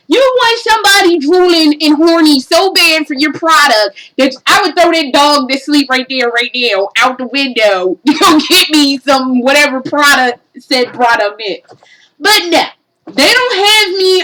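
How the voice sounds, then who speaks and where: High-voiced woman ranting about games. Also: a little hiss or hum, poor audio. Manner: profane, animated and blunt. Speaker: gaming vlogger. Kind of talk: casual rant.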